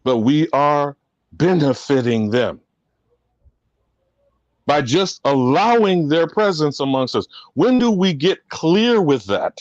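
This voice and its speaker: A man's voice: a little high, very animated, slow, no room sound. Emphatic preachy man, muffled dry audio. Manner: preachy, emphatic, swings loud and soft. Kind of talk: impassioned commentary.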